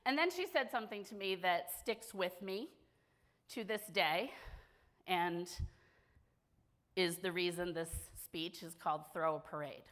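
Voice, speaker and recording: A woman's voice: fairly low pitch, a little slow, pauses often, fairly bright tone. Candid, wry woman giving a keynote. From small-town Massachusetts, USA. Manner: candid and wry, mixing grief with self-deprecating humor. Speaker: keynote speaker at a widowhood conference. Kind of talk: personal keynote storytelling to a live audience. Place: conference stage before an audience.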